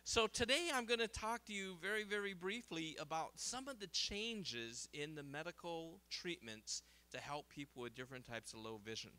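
Lively, bright-voiced man giving a seminar talk. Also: a little high, moderate pace, few pauses. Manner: lively storyteller, laughs at own jokes. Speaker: optometrist and guest speaker. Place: seminar hall.

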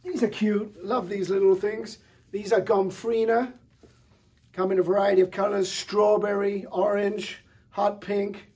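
A middle-aged florist presents a flower showcase with relaxed enthusiasm. His voice is high for a man but warm and mellow with a husky edge, and he pauses often on fillers.

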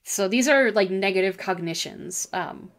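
A woman's voice: mid-range voice, normal speed. Chatty woman giving gameplay commentary. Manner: chatty, giggly. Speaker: gaming video host. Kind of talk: let's-play commentary.

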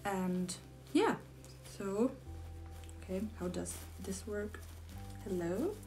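A young woman from Germany, whose first language is German, gushing with breathless excitement as she unboxes a model horse for her vlog and repeats herself often. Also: mid-range voice, takes it slowly, soft background music. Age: young adult. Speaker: model horse collector vlogger.

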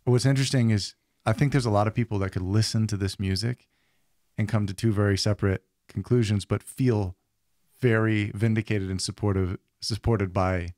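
A man co-hosts a podcast in casual chat, rambling with many fillers and restarts. His low-side voice has fairly even intonation, normal speed, and a darkish tone. The recording is dry, with clean studio sound.

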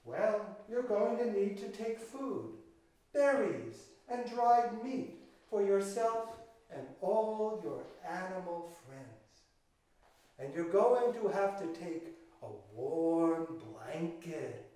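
Older male storyteller with a high, slow delivery, dramatic with young listeners; distant mic, roomy echo. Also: sing-song, warm tone. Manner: dramatic, with gasps and sung chants, speaking directly to the listeners. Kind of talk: storytelling for children. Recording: echoey room, from far off the mic.

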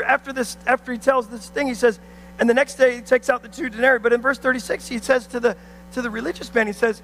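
A man's voice: very high voice, sharp tone, slight background noise, rough recording. A male pastor preaching a sermon in an emphatic, repetitive way, calling on the congregation to answer back.

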